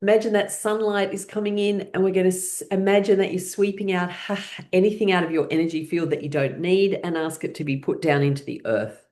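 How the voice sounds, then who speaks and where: Low-voiced lady running a laughter class, cheerful, laughs between steps. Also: fairly even intonation, darkish tone. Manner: slow, soothing guided meditation delivery. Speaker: laughter yoga teacher.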